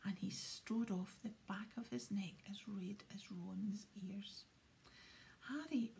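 A woman reading a children's novel aloud in a soft, hushed whisper. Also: mid-range voice. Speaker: audiobook reader.

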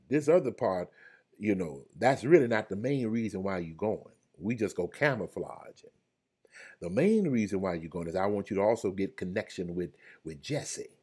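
Husky, animated preacher man. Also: lowish voice. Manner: swings from loud cries to hushed murmurs, repeats phrases; calls out to online viewers by name. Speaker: preacher leading a Bible study. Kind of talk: livestreamed sermon.

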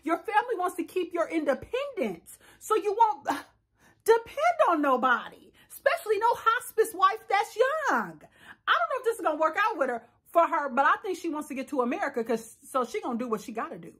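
A woman's voice: extremely high pitch, big pitch swings, brisk, a bit bright. A young woman hosting a casual reality TV recap, blunt and sassy, laughing often and full of slang. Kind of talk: casual reaction commentary.

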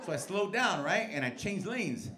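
A man doing stand-up in a club, his pitch swinging widely as he barrels through a profane, animated story. His voice sits a bit high for a man, and a live crowd and room noise are heard clearly around him. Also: moderate pace. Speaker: stand-up comedian. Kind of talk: stand-up set with crowd work. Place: comedy club stage with live audience.

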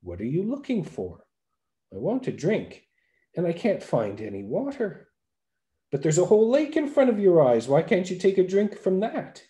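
Man putting on a high eager young fool, friendly, dark tone tho. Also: huge pitch swings, unhurried. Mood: cheerful. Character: simple, cheerful young peasant fool.

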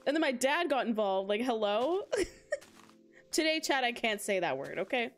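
A woman's voice: fairly high pitch, sing-song, normal speed, soft background music. A woman of twenty-five hosting a casual gaming livestream, chatty and giggly as she talks straight to her chat on a close mic. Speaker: livestream host.

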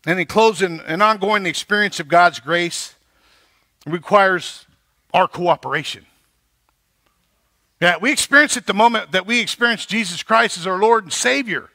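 High-voiced bright preaching man. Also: normal speed, long pauses, no echo. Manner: preaching with rising emphasis and repeated "right?". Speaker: pastor. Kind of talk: sermon.

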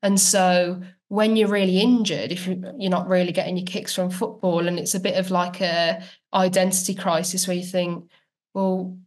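A woman's voice: lowish voice, level tone, normal speed, few pauses. A woman talking about her career as a guest on a casual podcast interview, chatty and reflective and full of "like" fillers. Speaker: guest, professional footballer.

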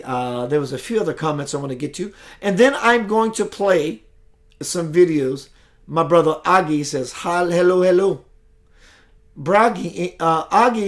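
A man hosting a live spiritual broadcast who talks in a slow, emphatic, preacherly way and reads out viewer comments. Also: high-pitched. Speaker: spiritual show host.

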